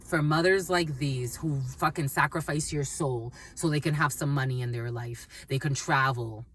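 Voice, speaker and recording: A woman's voice: very deep voice, normal speed, fairly bright tone, breathy edge. Blunt, emphatic woman reading tarot. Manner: blunt and emphatic, swears freely, repeats phrases. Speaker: tarot reader. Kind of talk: channeled tarot reading to camera.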